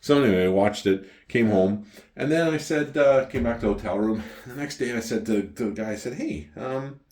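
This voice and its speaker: A middle-aged man from Canada with a Canadian accent, telling a story in a casual, profane, animated way. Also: fairly low pitch, fairly quick. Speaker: wine collector vlogger.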